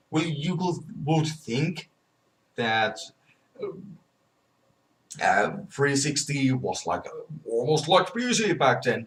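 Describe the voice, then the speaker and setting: Halting man ranting, voice set back from the mic. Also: mid-range voice, far from the mic, rough recording. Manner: halting, stammers and restarts often, grows heated. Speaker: gaming vlogger. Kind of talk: opinionated rant.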